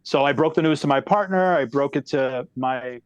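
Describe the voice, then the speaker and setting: A man's voice: medium pitch, normal speed, smooth, dry recording, muffled recording. A middle-aged comedian telling a long personal story on a podcast, changing speed often as he goes. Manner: animated storyteller who shifts pace a lot. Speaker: guest comedian.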